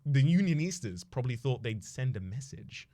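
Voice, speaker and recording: A man voicing a gruff middle-aged male bar manager who haughtily demands money. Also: mid-range voice, very animated, normal speed, mellow, close to an everyday voice. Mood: demanding.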